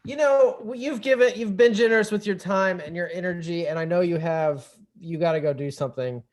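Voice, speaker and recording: Friendly guy moderating an online workshop, easygoing, highish voice. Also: fairly quick. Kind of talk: casual conversation.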